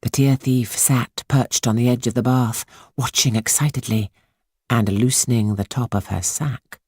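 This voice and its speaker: Woman narrator, very low voice, unhurried, hushed suspenseful storytelling. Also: steady tone, slightly rough, no room sound, studio quality. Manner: hushed and suspenseful, lingering on words. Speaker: audiobook narrator.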